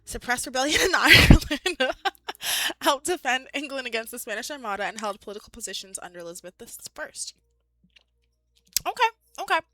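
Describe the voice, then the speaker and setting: A woman's voice: high-pitched, lively intonation, moderate pace, pauses often, sharp tone, no room sound, soft background music. A woman streaming live, chatting casually with viewers in a rambling, giggly way, full of "like".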